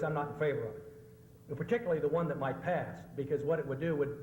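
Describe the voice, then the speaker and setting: A man's voice: fairly high pitch, darkish tone. A middle-aged American man, a political journalist, giving a public lecture, telling jokes and answering questions in a conversational way. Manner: conversational storytelling with joke punchlines. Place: lecture hall. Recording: echoey hall with faint hiss.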